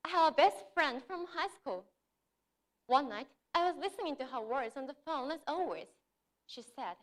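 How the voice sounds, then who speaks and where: A woman's voice: high voice, expressive, normal speed. A young woman from Japan, delivering a memorized, earnest speech as a contestant at a contest. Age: young adult. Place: contest stage.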